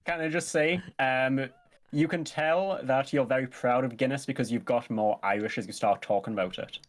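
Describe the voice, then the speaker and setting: A man's voice: medium pitch, moderate pace, slight background noise. A man, a guest in casual comedy chat, joking and laughing often. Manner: animated, jokey, laughs a lot.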